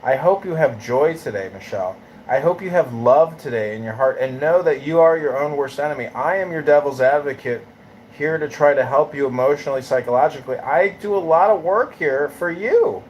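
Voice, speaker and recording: Profane, taunting live-chat host. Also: male voice, on the high side, expressive, fairly quick, darkish tone, slight background noise, poor audio.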